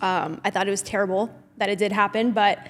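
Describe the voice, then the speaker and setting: A woman's voice: medium pitch, steady tone, quick pace, fairly bright tone, in a large hall. A woman hosting a podcast in casual chat, laughing often and telling stories with animation. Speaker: podcast host.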